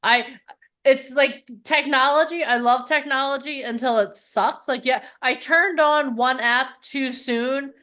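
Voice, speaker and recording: A woman's voice: high-pitched, a little slow, pushed and bright. A woman hosting a live stream, chatting with a guest in a reassuring, chatty way. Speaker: host. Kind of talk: casual live-stream chat.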